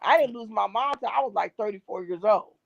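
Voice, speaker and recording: A woman's voice: mid-range voice, brisk, creaky. A middle-aged woman, a gospel singer and drummer, giving an emphatic, preachy faith testimony as an interview guest and repeating her key phrases. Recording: dull dry lo-fi recording.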